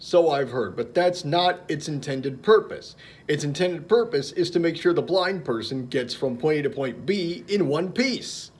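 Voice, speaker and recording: A man's voice: on the high side, lively intonation, breathy edge. A young man talking casually on his vlog, telling jokes with lots of fillers and restarts. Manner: halting, many fillers and restarts, chuckles at own jokes. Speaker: vlogger.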